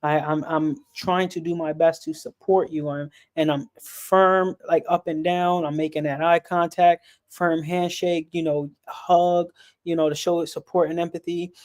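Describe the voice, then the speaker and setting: A man's voice: fairly high pitch, flat delivery, measured pace. A man talking earnestly about support and mental health on a stream, often repeating words as he gathers his thoughts. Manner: earnest, repeats words while searching for them. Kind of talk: earnest personal talk.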